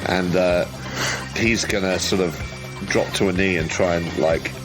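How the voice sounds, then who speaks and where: A man with a low, deep voice narrates as game master of a tabletop horror game. He talks casually, stopping and restarting often. Faint music plays underneath. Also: fairly even intonation, unhurried. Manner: casual, hesitant, many restarts and fillers.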